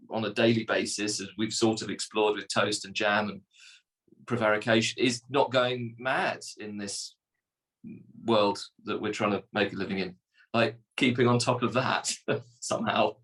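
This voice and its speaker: A man's voice: fairly low pitch, steady tone, normal speed, a bit bright, rough recording. A man chatting as an actor guest, rambling and teasing, often restarting his sentences. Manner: rambling, teasing, self-correcting. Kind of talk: relaxed conversational chat.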